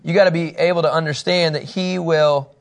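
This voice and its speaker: A man leading a casual Bible study with a slightly high, gravelly voice. He talks in an animated, loose way and laughs often. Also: a little fast. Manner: animated, laughing, acting out scripture quotes.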